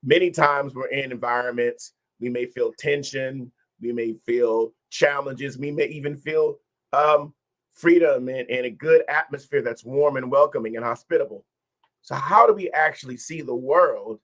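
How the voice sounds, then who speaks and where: A man's voice: medium pitch, moderate pace, fairly bright tone. A man hosting a livestreamed wellness session, encouraging viewers and repeating key phrases. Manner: encouraging, repetitive phrasing, addresses viewers directly.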